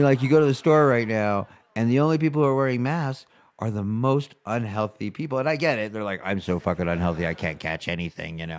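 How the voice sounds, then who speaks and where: A man doing a rambling, profane stand-up rant, mocking and swinging between loud bursts and quiet asides. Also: lowish voice. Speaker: stand-up comedian.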